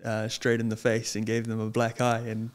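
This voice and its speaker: A young man, a guest chatting casually in an interview, earnest and hesitant, often pausing with ums. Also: fairly low pitch, monotone, clean tone. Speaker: guest, lawyer and wrestler.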